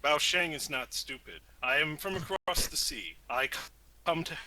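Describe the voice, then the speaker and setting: A man's voice: on the high side, expressive, normal speed, pushed and bright, no echo, voice pushed up. A man voicing a solemn male traveler from across the sea, speaking formally with a put-on accent.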